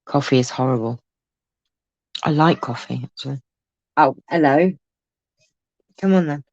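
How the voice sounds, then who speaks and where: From home, a woman hosts a casual craft livestream, chatting with viewers and reading their comments aloud with teasing asides. Her bass voice is a little slow and a little mellow, and the lo-fi recording has no room sound.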